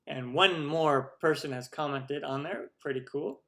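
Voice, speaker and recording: A man's voice: on the high side, unhurried, fairly bright tone. A middle-aged man hosting a cooking live stream, chatting casually and rambling with many restarts as he answers viewer questions.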